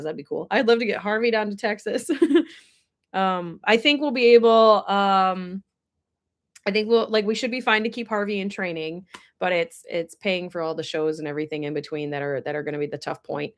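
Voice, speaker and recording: A woman running a casual livestream about her horses, emotional and teary at times, chatting with viewers and answering their comments. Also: mid-range voice. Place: indoors with air blowing.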